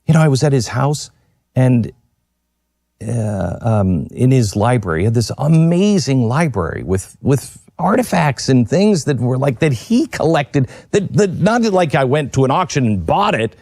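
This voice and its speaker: A man hosting a radio talk show, telling a personal story in an earnest, reflective way with halting restarts, into a studio microphone. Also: medium pitch, big pitch swings, darkish tone, no echo.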